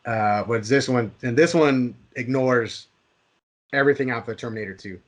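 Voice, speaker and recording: A man's voice: medium pitch, normal speed. A man co-hosting a podcast, chatting casually about movies, often restarting his words and acting out reactions. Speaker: podcast co-host.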